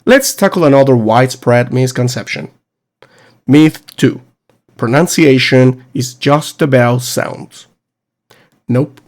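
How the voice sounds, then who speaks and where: A man at a mid pitch hosts a solo teaching podcast. He talks emphatically and asks his listeners rhetorical questions, in the manner of a teacher making a case. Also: takes it slowly, long pauses, darkish tone. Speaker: podcast host. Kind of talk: solo educational podcast monologue.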